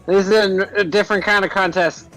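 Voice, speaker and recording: Brief: man with a high voice, hammy goblin player, boastful banter, soft music under. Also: steady tone, brisk, rough recording. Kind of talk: playing a goblin in a tabletop game.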